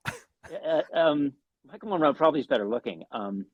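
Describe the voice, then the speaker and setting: A man's voice: a little high, normal speed, dry recording, dull audio. Man telling a wild story, dry sound. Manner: animated anecdotes with swearing and restarts. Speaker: guest musician. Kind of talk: storytelling in an interview.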